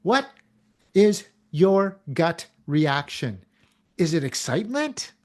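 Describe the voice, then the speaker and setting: A man with a fairly high speaking voice delivers a motivational talk to an online audience. He is animated and theatrical, firing rhetorical questions and acting out short quotes in between. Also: slow. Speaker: motivational speaker and show host.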